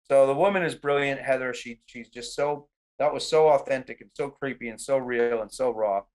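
In a casual podcast interview, a middle-aged man with a medium-pitched voice and normal speed recounts a film shoot. He's an animated storyteller, acting out his quotes with plenty of "like."

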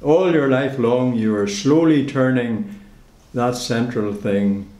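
A male preacher delivers a sermon in a measured way, often repeating a phrase to press it home. His voice sits in a middle pitch, and the church hall around him gives it a roomy echo. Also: mellow. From Northern Ireland.

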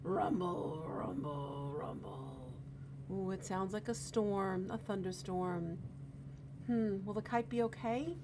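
A woman reading a picture book to children and then explaining a craft, gentle and exclamatory, often asking the children questions. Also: mid-range voice, a little slow. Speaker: children's librarian. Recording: steady background hum.

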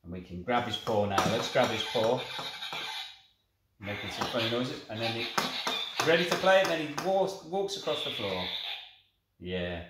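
A man's voice: medium pitch, expressive, normal speed, long pauses. A man reviewing a toy, talking it through in a coaxing sing-song and praising it as he shows each feature. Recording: echoey room with clear background noise.

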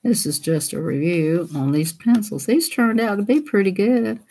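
A woman with a drawl chats away as she colors, giggling often. Her talk is playful and loose, and she keeps breaking into goofy voices. Her voice sits at an ordinary middle pitch for a woman. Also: animated, normal speed, mellow, slightly rough. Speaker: coloring channel host. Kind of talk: casual chat while coloring.

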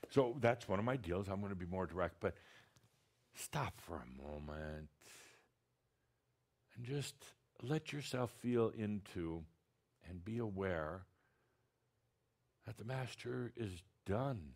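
A man's voice: on the low side, unhurried, darkish tone. A man channeling a spiritual teacher, talking to an audience in a blunt, direct, teasing way with many restarts.

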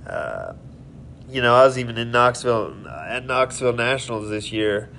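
A man's voice: medium pitch, sing-song, moderate pace, gravelly, fairly bright tone, a little hiss or hum. A man hosting a casual live stream, rambling in a friendly, tipsy way as he tells stories and greets viewers.

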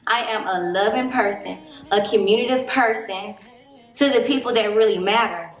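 A woman's voice: mid-range voice, normal speed. A woman in her late twenties with a Southern US accent, talking bluntly and preachily straight to her viewers in a casual monologue. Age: 20s. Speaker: vlogger. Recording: very echoey room, distant mic, faint noise.

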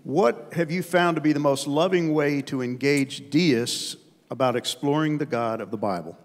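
A man moderating a Q&A in a relaxed way, with fillers. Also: on the high side, moderate pace. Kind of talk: casual announcements and questions. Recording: long hall reverb.

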